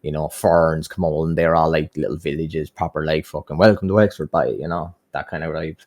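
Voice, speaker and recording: A man's voice: extremely low pitch, steady tone, fairly quick, a little mellow. A young Irish man chatting on a podcast, telling a story full of swearing and acted-out quotes. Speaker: podcast guest. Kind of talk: casual podcast chat, storytelling.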